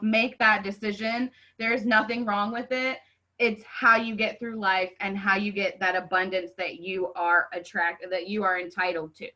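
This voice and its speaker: A woman's voice: mid-range voice, flat delivery, normal speed, sharp tone, poor audio. A woman hosting a motivational podcast, talking fervently and preaching self-worth. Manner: fervent, preachy, says "y'all" often. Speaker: podcast host and life coach.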